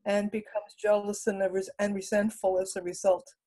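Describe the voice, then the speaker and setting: A woman taking part in a study discussion, speaking in a reflective, measured way. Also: mid-range voice, little pitch movement, mellow. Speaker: session participant. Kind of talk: thoughtful discussion.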